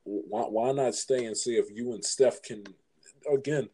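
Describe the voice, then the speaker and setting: A man's voice: medium pitch, steady tone, unhurried, warm tone, slightly rough. A man hosting a casual sports chat, asking his guest questions and often repeating words as he goes. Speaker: podcast host.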